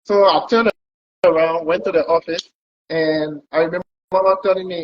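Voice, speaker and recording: A man with a fairly high voice and fairly even intonation speaks at normal speed on a dull lo-fi recording. As a pilot guest, he recounts his long trip in conversational storytelling. He rambles casually and often repeats words.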